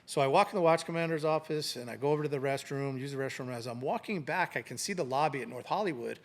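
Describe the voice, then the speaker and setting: Gravelly middle-aged man telling a story. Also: mid-range voice, fast. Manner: animated anecdote telling, acting out quoted voices. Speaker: retired police sergeant, guest. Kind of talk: casual storytelling in an interview.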